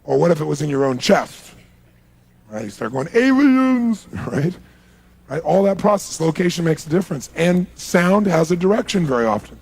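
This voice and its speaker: A man speaking as a motivational speaker at a live seminar, guiding an audience through exercises in an animated, coaxing way, with a gravelly voice. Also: a little high, brisk. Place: large hall with a live audience.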